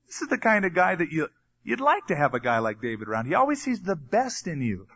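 A man's voice: fairly high pitch, wildly swooping pitch, a little fast, fairly bright tone, breathy edge, dull audio. A man preaching a sermon in a casual, conversational way, reading scripture and retelling it in everyday words.

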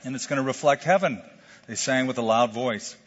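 A middle-aged male pastor preaching a sermon in a lively, conversational way, full of questions to the congregation. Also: mid-range voice, fairly quick, slight background noise. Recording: lo-fi sermon recording with long hall reverb.

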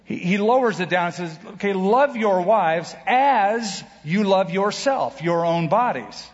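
A man preaching a sermon as pastor, emphatic, with dramatic pauses and big swings in pitch. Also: animated. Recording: dull reverberant hall recording.

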